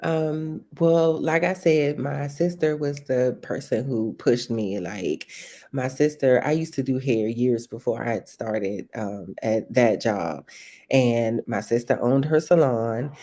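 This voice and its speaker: A woman about forty, a guest in a casual interview, telling her story in a relaxed way and laughing easily. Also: a bass voice, slow. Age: 40s. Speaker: guest, private chef.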